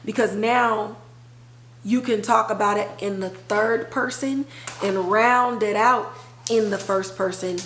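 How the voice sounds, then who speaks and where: A woman's voice: mid-range voice, fairly even intonation, slow pace, fairly bright tone, a little hiss or hum. A woman hosting a podcast, talking candidly and emotionally in a casual recap with slangy, conversational phrasing. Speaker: podcast host. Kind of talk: personal TV recap monologue. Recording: echoey room.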